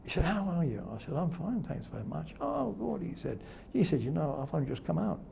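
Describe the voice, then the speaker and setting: An older man, a veteran broadcaster, recalls old stories in an interview, chuckling and mimicking the people he quotes. His voice is strongly gravelly and dark-toned, with faint noise behind him. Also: on the high side, big pitch swings, quick pace. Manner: chuckling storyteller who acts out quoted voices. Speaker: television presenter. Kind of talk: reminiscing interview anecdotes.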